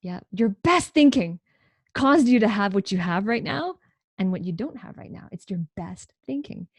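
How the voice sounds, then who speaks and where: A woman's voice: medium pitch, animated, moderate pace, husky, no echo, clean studio sound. A woman who is a career educator, a podcast guest, speaking emphatically in a coaching tone and repeating key phrases. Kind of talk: conversational podcast interview.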